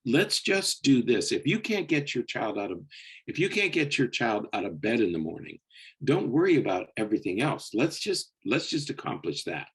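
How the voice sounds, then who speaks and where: A man's voice: medium pitch, big pitch swings, normal speed, breathy edge. A man co-hosting a psychology podcast, explaining patiently and checking in with listeners in a conversational way.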